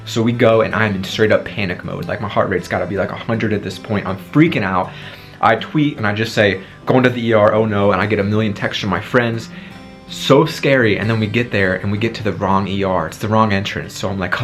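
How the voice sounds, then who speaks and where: A young man in his twenties with a fairly low voice tells a story to his viewers in a lively, dramatic way, acting out what he said back then. He is talking through a sore throat, and soft guitar music plays behind him. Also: fast. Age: 20s. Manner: animated storytelling, acting out his own past lines. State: sore throat after tonsil surgery. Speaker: vlogger. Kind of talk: storytime vlog.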